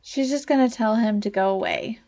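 A woman's voice: on the high side, normal speed, mellow. A young woman giving casual gameplay commentary as a let's play host, talking straight to the characters on screen and getting exasperated with them. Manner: talks to the game characters, easily exasperated.

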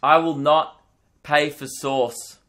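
A man's voice: on the high side, fairly even intonation, slow pace, fairly bright tone. A young Australian man hosting a solo comedy podcast, ranting with mock outrage and swearing.

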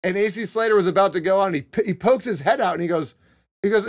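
Animated swearing streamer man. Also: sits high, rapid-fire. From Connecticut. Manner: animated, swearing, laughing often. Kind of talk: casual storytelling to chat. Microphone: desk mic.

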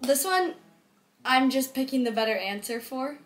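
A woman's voice: sits high, expressive, moderate pace, soft background music. Giggly young woman hosting a game. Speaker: channel host.

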